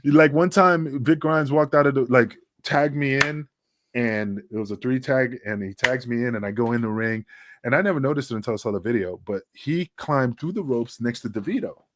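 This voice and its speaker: A middle-aged man and former pro wrestler, guesting on a podcast and telling rambling, profane stories, loudly acting out the voices of the people he quotes. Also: mid-range voice, normal speed. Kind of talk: casual storytelling on a podcast.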